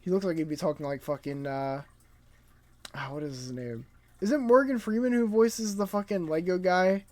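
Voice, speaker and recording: A man's voice: high voice, moderate pace, a little mellow. A man reviewing a comic chapter in casual, rambling commentary, laid-back and profane, sounding tired late at night.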